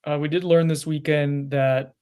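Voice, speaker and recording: Male podcast host, higher pitch, loose and self-deprecating. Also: flat delivery, normal speed, smooth, dull audio. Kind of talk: casual podcast chat.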